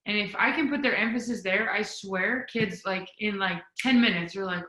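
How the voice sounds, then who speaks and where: A woman speaking as a volleyball coaching guest on a video call, energetic and emphatic, demonstrating as she talks. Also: medium pitch, a little fast, hardly any pauses, roomy sound, rough recording. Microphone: video call mic.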